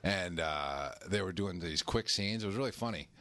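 A man's voice: deep voice, lively intonation, moderate pace, fairly bright tone. A man co-hosting a comedy podcast on a live stage, telling rambling stories with lots of laughter. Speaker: podcast co-host. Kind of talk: casual comedic chat.

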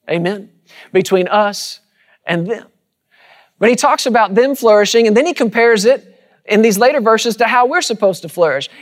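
A man preaching a sermon to a congregation, using rhythmic repetition and calling out to the listeners. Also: high voice. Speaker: pastor. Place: church sanctuary with congregation.

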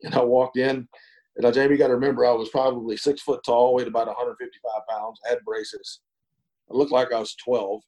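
A middle-aged man spins a long, folksy yarn as an interview guest. His voice is mellow and relaxed, in the middle of the male pitch range. He talks unhurriedly, with plenty of fillers and chuckles along the way. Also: brisk, rough recording. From East Texas. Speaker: guest, former pro baseball pitcher. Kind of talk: casual storytelling interview.

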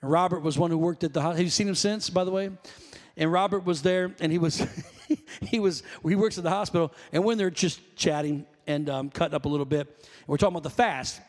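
A man's voice: fairly high pitch, a little fast, in a large hall. A male pastor preaching a sermon in a church, telling stories in a loose, conversational way with restarts and calling out to his congregation. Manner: conversational, rambling storytelling with self-corrections; calls out to congregation.

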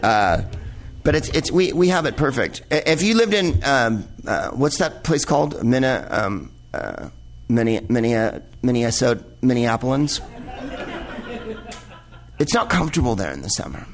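A man's voice: mid-range voice, very animated, measured pace, a faint crowd. A man hosting a live show, delivering a rambling, profane comic monologue full of digressions. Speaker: comedian host. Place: live venue in Los Angeles with audience.

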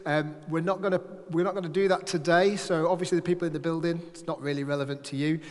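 A man's voice: on the high side, steady tone, fast talker. A man leading a church service, giving notices in a chatty, joking, rambling way to a live congregation. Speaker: church leader. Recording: echoey hall.

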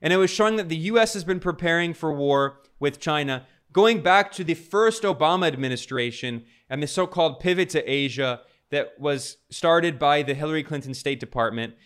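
A man's voice: on the high side, moderate pace, few pauses, fairly bright tone, clear, resonant tone. A man delivering an emphatic political commentary monologue, piling up long lists of charged words.

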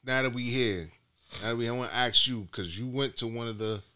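A man's voice: medium pitch, a little fast, bright, forceful tone, clean tone. A man co-hosting a podcast in casual banter, laughing and acting out reactions. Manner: laughing, acts out reactions in quotes. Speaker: podcast co-host.

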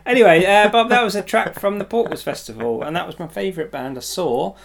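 A man's voice: high-pitched, fast talker, creaky, a little hiss or hum. A male radio host in casual on-air chat between tracks, joking and laughing often in teasing banter.

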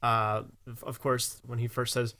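A man's voice: medium pitch, level tone, a little slow, pushed and bright. A man chatting casually about a movie, loose and rambling, laughing along.

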